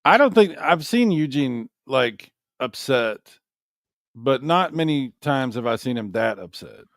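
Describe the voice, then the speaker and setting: A man co-hosting a casual podcast chat, telling animated stories and acting out what people said. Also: medium pitch, unhurried, no room sound, studio quality. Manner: animated storyteller, acts out quotes. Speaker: co-host.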